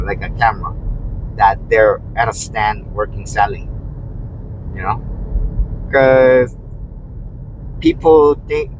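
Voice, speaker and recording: A man who drives rideshare, chatting while driving, rambling with lots of "you know" and restarts. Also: on the low side. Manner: acts out quotes in a raised voice. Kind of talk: casual storytelling while driving. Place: inside a moving car. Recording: faint car road noise.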